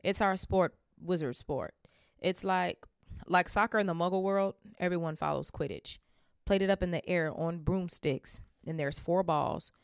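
A woman voicing a big, gruff, kindly male groundskeeper who speaks loudly and bluntly in a homely way, in a storybook reading. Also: fairly low pitch, moderate pace, no room sound, clean studio sound. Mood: explaining.

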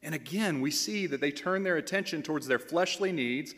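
A man's voice: a little high, brisk, fairly bright tone. A man serving as a pastoral intern, preaching a sermon in an earnest way, reading scripture aloud and repeating phrases for emphasis. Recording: long hall reverb.

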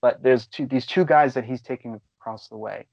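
An excitable man rambles through casual movie talk as a podcast co-host and swears freely. The audio is slightly dull and lo-fi. The room is dry, with the mic close to him. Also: mid-range voice, brisk, gravelly, dry recording. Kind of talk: casual chat.

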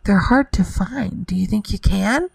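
A woman's voice: mid-range voice, unhurried, vocal fry, slightly rough, dry recording, full character voice, rough recording. A woman whispering a wary young Cinderella. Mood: earnest. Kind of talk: whispered role-play.

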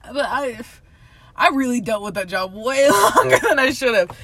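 A woman's voice: fairly high pitch, moderate pace, a bit bright. A young woman casually telling a personal story, rambling with lots of filler words, laughing often and swearing. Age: young adult. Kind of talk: casual chat.

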